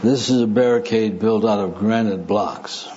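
A man preaching a sermon to a live audience, speaking deliberately with dry humor. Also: lowish voice, warm tone. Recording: muffled recording with faint noise.

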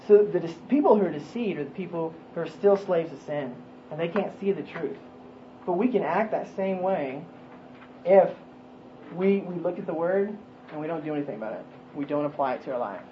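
A man's voice: on the high side, lively intonation, fairly quick. A man giving an informal Bible lesson to a small group, conversational and full of questions and restarts. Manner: conversational, asks questions, frequent ums and restarts. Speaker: Bible study teacher. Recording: dull lo-fi recording with faint noise.

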